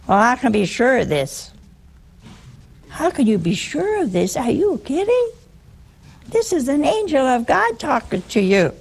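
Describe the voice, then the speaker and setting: A woman's voice: high voice, sing-song, unhurried, gravelly, long pauses, a little mellow, breathy edge. A woman preaching a humorous sermon in a wry, teasing way, often putting questions to her listeners.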